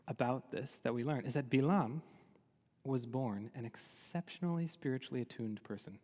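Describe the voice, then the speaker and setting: A man, a rabbi, giving a sermon on the weekly Torah portion, telling it lively and asking many rhetorical questions. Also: medium pitch. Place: synagogue sanctuary. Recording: long reverb of a large hall.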